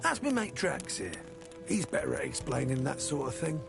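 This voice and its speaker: An actor playing a sly, cocky male convict hunter in a video game, with a gravelly voice and rough slang. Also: medium pitch, big pitch swings, normal speed. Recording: game music behind.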